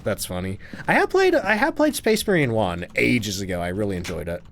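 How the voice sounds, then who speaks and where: A man's voice: on the low side, big pitch swings, brisk, fairly bright tone, slight background noise. A man casually chatting on a live game stream, reading out chat questions and answering them while he plays.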